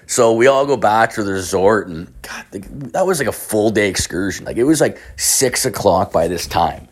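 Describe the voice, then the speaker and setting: A man with a fairly low voice tells a long casual story. He rambles, swears constantly and piles on filler words. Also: lively intonation, fairly quick.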